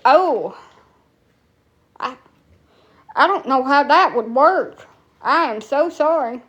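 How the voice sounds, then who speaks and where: A woman's voice: high voice, animated, slow pace, a bit bright. Foul-mouthed woman ranting. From Alabama, USA. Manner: profane, blunt, rambling. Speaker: TikTok storyteller. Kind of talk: casual storytelling rant.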